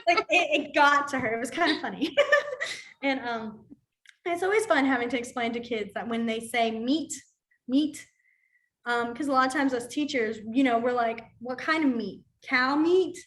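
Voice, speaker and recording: A woman's voice: a little high, normal speed. Chatty woman teaching a sign class. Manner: chatty, filler-heavy, animated storytelling. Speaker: sign language instructor.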